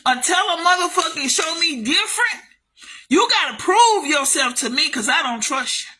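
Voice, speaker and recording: A woman's voice: very high voice, expressive, moderate pace, pushed and bright. A woman telling a story to her camera in a casual monologue, blunt and heavily profane, repeating herself for emphasis. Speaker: vlogger.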